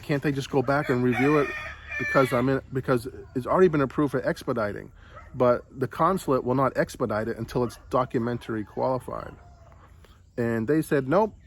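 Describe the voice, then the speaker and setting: A frustrated man from the United States vents on his vlog, swearing and circling back over the same points. His voice sits at an ordinary middle pitch. Faint crickets and roosters murmur behind him at home in the Philippines. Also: slight background noise. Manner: frustrated, swearing, repeats himself. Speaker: vlogger. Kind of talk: casual vlog rant.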